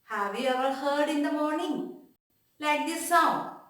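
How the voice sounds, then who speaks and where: A woman teaching an online class to young children, asking questions and making animal sounds in a slow, deliberate, exaggerated way. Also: high voice, fairly bright tone. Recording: echoey room.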